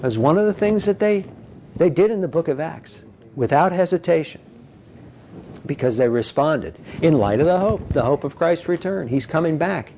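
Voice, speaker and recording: A man preaching a conversational sermon, animated and full of "you know", acting out quoted voices. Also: normal speed, slight background noise. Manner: animated, acts out quoted voices with big pitch jumps.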